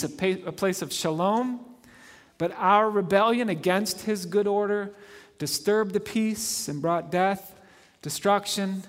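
Earnest high-voiced pastor in a reverberant hall. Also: male voice. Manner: earnest, repeats phrases for emphasis, asks "right?". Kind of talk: sermon. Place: church sanctuary. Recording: long reverb of a large church hall.

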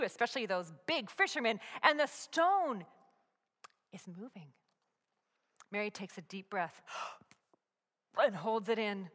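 A woman narrating a dramatic story, moving from hushed whispers to loud, urgent peaks. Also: medium pitch. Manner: expressive, swings from hushed whispers to loud climaxes. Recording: long hall reverb.

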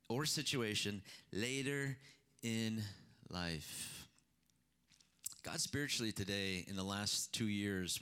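Male pastor delivering a sermon; impassioned, swings in pitch and volume, repeats phrases for emphasis. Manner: impassioned preaching with sudden rises and drops in pitch and loudness.

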